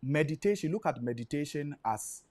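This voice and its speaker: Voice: mid-range voice, animated, a little fast, darkish tone. A guest explaining spiritual ideas patiently, often checking that the listener follows. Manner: patient teaching, checks understanding. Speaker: studio guest.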